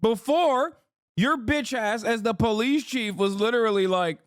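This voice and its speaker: A man reacting to a video as a streamer, loud and exasperated, swearing often. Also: very high voice, measured pace, clean tone, no echo, clean studio sound.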